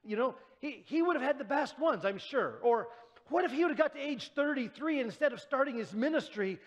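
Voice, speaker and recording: A man's voice: very high-pitched, lively intonation, fairly quick. A man preaching a sermon as pastor, in a conversational way, acting out the voices he quotes. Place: church. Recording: church sanctuary with long reverb.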